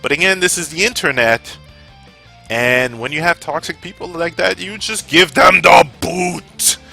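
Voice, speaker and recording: A man vlogging about gaming in a heated, profane rant that flares up, then calms into casual sign-offs. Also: fairly high pitch, a little slow, vocal fry, faint music behind. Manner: heated, profane, gets fired up. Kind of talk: opinion rant to camera.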